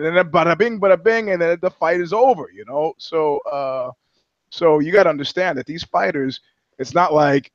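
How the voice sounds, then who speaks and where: Animated swearing podcast co-host. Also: male voice, a little high, moderate pace, dry recording, dull audio. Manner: animated storyteller, swears freely, acts out quoted voices. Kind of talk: casual chat.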